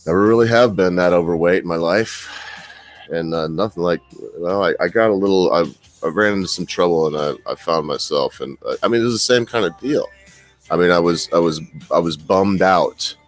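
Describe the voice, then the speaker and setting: A man's voice: deep voice, fairly quick, faint music behind, low-quality recording. A middle-aged man casually telling his viewers a rambling, self-deprecating story, laughing often. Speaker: vlogger.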